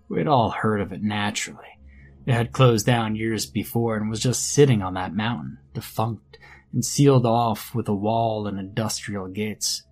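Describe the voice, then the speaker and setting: A man narrating a first-person horror story in a measured, grim storytelling manner. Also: lowish voice, darkish tone. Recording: faint background music under narration.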